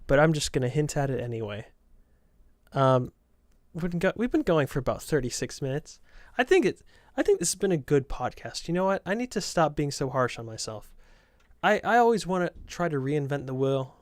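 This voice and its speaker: A young man with a light Southern accent rambles through a casual podcast, circling back and correcting himself as he goes. His voice sits a little high. The sound is dry and close, with no room echo. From Southern United States. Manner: chatty, meandering, self-correcting. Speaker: podcast host.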